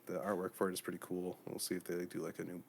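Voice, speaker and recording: Laid-back male podcast co-host, deep gravelly voice, easygoing banter. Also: monotone, fast, slight background noise. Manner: laid-back, many fillers. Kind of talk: casual chat.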